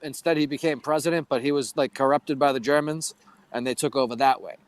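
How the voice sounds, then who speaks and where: A man chatting casually among friends, pausing often with fillers as he searches for words. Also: medium pitch, steady tone, no echo. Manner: hesitant, trails off with fillers. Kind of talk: casual chat.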